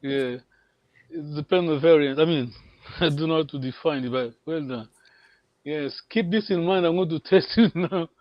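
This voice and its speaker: A man's voice: a little high, normal speed, dry recording, lo-fi sound. Encouraging male language teacher on a call. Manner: encouraging, repeats words, laughs often. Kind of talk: online language lesson.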